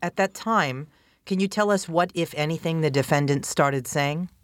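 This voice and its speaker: Woman prosecutor, very low voice, probing questions, dry close sound. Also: normal speed, dry recording. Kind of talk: courtroom questioning.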